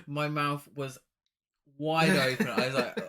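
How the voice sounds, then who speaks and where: A man's voice: fairly high pitch, little pitch movement, a little slow, pushed and bright. A man co-hosting a podcast, reviewing a bad film in a sweary, exasperated, joking way. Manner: sweary, exasperated ranting with laughs. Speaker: podcast co-host. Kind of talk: casual film review chat.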